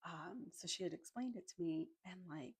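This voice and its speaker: A woman's voice: lowish voice, moderate pace, husky. A woman from Arizona, an energy healer, telling her own story to the camera in a chatty, casual way, full of "like" and the odd swear word, speaking into a microphone. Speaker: energy healer and Reiki practitioner. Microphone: microphone in front of her.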